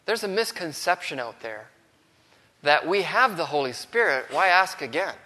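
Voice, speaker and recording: A man preaching a sermon with a cold, earnest and dropping to a hush when he quotes. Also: on the high side, sing-song, moderate pace, in a large hall. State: has a cold, throat strained.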